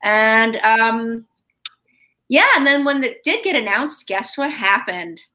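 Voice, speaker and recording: A woman being interviewed, telling a family story in a lively, chatty way and acting out the quoted lines. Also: on the high side, takes it slowly, poor audio. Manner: animated, acts out quoted dialogue.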